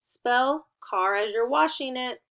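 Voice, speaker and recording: A woman's voice: sits high, slow, fairly bright tone. A woman teaching young children a remote lesson, giving playful and encouraging instructions.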